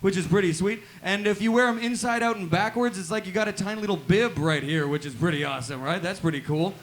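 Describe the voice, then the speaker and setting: A man's voice: sits high, fast, slight background noise. A man doing a rambling, awkward stand-up comedy set at a live music venue, padding his jokes with "check it out" and "right?". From Canada.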